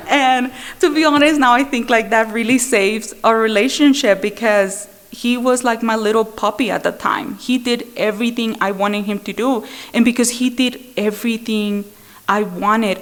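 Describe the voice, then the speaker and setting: A woman speaker at a recovery meeting, sharing her own story in a candid, self-mocking way, with frequent fillers and restarts. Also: on the high side. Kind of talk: personal recovery share at a meeting. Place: meeting room.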